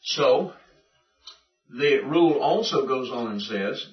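In an animated but slow delivery, a male teacher with a medium-pitched voice takes his Greek class through accent rules step by step, in a patient classroom manner. The mic is far away, giving a dull, echoey recording.

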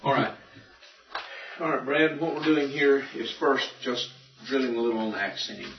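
A man's voice: medium pitch, moderate pace, faint music behind. A male teacher giving a patient, methodical classroom lecture, repeating and drilling points for his students. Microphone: room recording from a distance. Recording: distant echoey classroom recording, dull lo-fi.

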